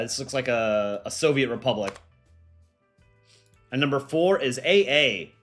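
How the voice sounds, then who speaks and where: A young American man chatting casually on a live stream as its host, relaxed and full of ums and likes. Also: mid-range voice. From United States. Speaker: streamer and voice actor.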